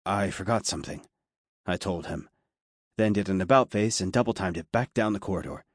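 A man reading a story aloud as an audiobook narrator, steady and measured. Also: low voice, no echo, clean studio sound. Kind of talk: scripted narration.

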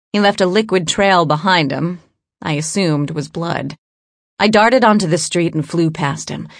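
Woman reading an audiobook, low voice, cool and measured, dry close sound. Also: dry recording. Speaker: audiobook narrator. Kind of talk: audiobook narration.

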